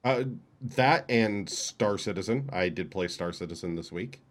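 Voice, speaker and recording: A man's voice: low voice, measured pace. A man who runs tabletop games, chatting casually and griping about a game with laughs. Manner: animated, laughing complaints. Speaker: game master. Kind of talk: casual chat.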